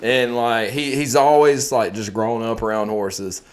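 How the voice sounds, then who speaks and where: A man's voice: mid-range voice, a little slow, clear, resonant tone. A young man, telling stories in casual, profane podcast chat as host. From Texas. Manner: profane, animated storytelling.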